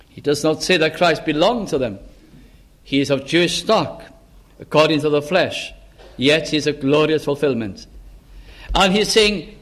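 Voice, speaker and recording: A man preaching a sermon in church, earnest, slowing down and lifting his voice on the words he stresses. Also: high-pitched, lively intonation, a bit bright. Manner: earnest, slows down and rises for emphasis.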